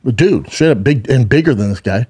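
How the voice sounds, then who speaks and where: A man's voice: mid-range voice, animated, fairly quick, a little mellow, husky. A man co-hosting a casual podcast, spinning a long story. He acts out every quote with gusto and curses freely as he goes. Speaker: podcast co-host.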